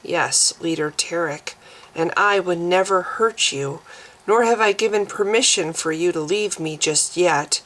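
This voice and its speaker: A woman voicing a calm, stern human man who leads, speaking quietly and in measured words. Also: lowish voice, low-quality recording. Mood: soothing.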